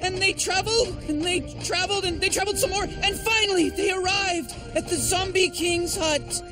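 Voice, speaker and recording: A cartoon character narrating a make-believe fantasy game in a mock-epic, dramatic storybook way. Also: male voice, very high voice, steady tone, moderate pace, over music. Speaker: game master.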